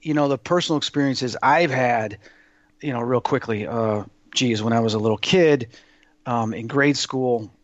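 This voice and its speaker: A man's voice: medium pitch, no echo, lo-fi sound. A man telling personal stories in a casual interview, earnest and rambling, with many fillers and restarts. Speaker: guest sharing personal experiences. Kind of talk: casual spoken storytelling.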